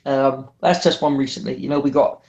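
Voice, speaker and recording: Man, young adult, wrestler guest, casual storytelling, animated, repetitive, middle pitch. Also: brisk, vocal fry. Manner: animated storyteller, repeats himself, lots of "man" and "like". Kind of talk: casual anecdote telling.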